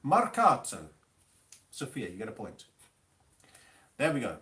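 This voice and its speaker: A man in the middle of his pitch range runs a live music theory quiz with an animated, up-and-down delivery. He teases his players and holds them strictly to the rules. He stretches out the Italian terms as he reads them. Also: measured pace. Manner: teasing, strict about spelling and rules. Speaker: music teacher hosting an online quiz. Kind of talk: live-streamed quiz hosting.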